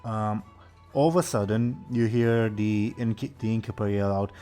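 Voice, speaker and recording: A man's voice: on the low side, steady tone, normal speed, warm tone, faint music behind. Laid-back male game master. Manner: casual, laughs often, some restarts. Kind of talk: narrating a tabletop game.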